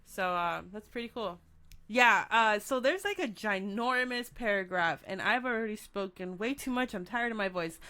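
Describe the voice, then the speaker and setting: A woman's voice: mid-range voice, lively intonation, normal speed, bright, forceful tone, smooth. A woman co-hosting a beer-tasting podcast, chatty and upbeat, with plenty of likes and ums. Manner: chatty, upbeat, filler-heavy. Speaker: podcast co-host. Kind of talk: casual beer-tasting chat.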